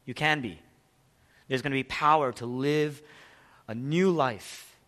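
Guy preaching in a big echoey sanctuary, goes loud then drops real quiet, asks the room questions. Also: mid-range voice, unhurried. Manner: emphatic preaching, swings from loud to hushed; asks the congregation questions and answers them. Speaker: pastor. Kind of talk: sermon. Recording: long reverb of a large hall.

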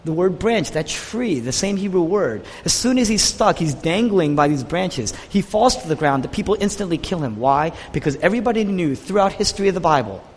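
Impassioned husky male preacher. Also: high voice, animated, a little fast, hardly any pauses, in a large hall. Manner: impassioned, swings from quiet to raised. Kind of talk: sermon.

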